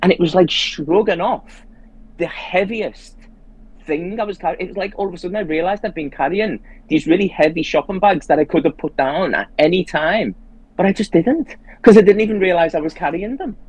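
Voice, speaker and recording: A man's voice: sits high, brisk, darkish tone, slightly rough, poor audio. A man hosting a casual conversation who tells his story earnestly and with animation, restarting his sentences often. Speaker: host.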